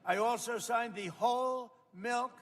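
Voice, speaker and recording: A man's voice: very high voice, unhurried. A man in his seventies giving a rambling, boastful off-the-cuff speech at a roundtable, repeating himself and talking directly to people in the room. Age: 70s. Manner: rambling, boastful, repetitive, with asides to the audience. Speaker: politician speaking at a roundtable. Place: event room with people around a table. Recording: reverberant hall sound.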